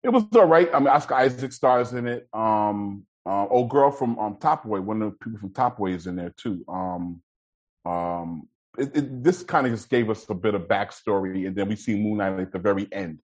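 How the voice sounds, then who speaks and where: A man with a low, husky voice leads a casual chat with friends. He talks loosely in slang and laughs often. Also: moderate pace, darkish tone, low-quality recording. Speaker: podcast host.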